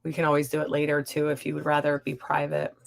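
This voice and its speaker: A young adult woman hosting a live stream as a psychic reader, chatting warmly and encouragingly with viewers. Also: low voice, completely flat delivery, fast talker, creaky. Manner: warm, encouraging and upbeat. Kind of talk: live-stream chat reading viewer comments.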